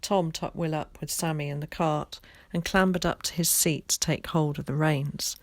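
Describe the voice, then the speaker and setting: A woman teacher reading a children's novel aloud, clear and expressive. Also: sits low, normal speed, no room sound.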